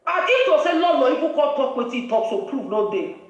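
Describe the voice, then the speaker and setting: A woman with a Nigerian accent and a high-pitched voice hosts a live video, speaking quickly with big swings in pitch as she scolds in a preachy, emphatic way. The room is very echoey, and she sounds far from the mic.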